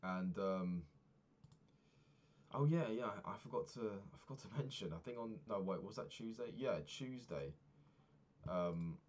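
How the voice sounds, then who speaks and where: A man's voice: on the low side, animated, unhurried, darkish tone, lo-fi sound. A man talking through his week in a casual diary vlog, rambling and swearing freely as he rants. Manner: rambling, profane ranting. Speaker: vlogger.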